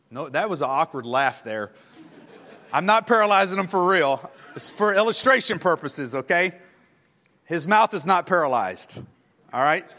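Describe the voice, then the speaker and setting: A man preaching a sermon, telling a story in an animated way, with many fillers and restarts. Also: fairly high pitch, moderate pace, in a large hall.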